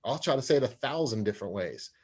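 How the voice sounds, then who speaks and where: A man's voice: mid-range voice, animated, fast talker. A man in his forties, a sports psychologist talking as an interview guest, earnest and expansive, often laughing at himself. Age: 40s. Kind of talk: conversational interview.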